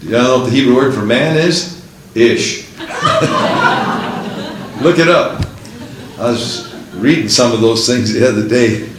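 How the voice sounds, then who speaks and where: A man's voice: medium pitch, unhurried, pauses often, echoey room, background noise. A man preaching a sermon in a church, building his points with one emphatic rhetorical question after another.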